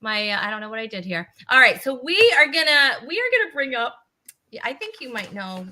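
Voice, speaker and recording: A woman's voice: a little high, very animated, a little fast, bright, forceful tone. Bubbly woman hosting a live chat show. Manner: bubbly, chatty, laughs often. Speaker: talk show host. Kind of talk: casual live-stream chat.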